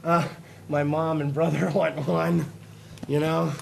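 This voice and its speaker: Raspy, high-voiced man ranting. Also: takes it slowly, crowd noise. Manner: profane, rambling, excitable storytelling. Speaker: talk show host. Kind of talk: comedic rant on a live internet talk show.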